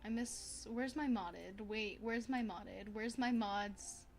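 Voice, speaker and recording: A young woman streaming a life-sim game, chatting casually to viewers in a bubbly, excitable way, gasping and repeating herself. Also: mid-range voice, slow pace, soft background music. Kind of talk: casual gaming stream chat.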